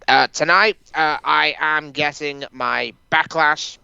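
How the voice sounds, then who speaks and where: A man's voice: on the high side, steady tone, slow pace, creaky, pushed and bright, smooth, no echo, muffled recording. A man co-hosting a wrestling podcast in loose, casual chat, laughing and swearing freely. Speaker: podcast co-host.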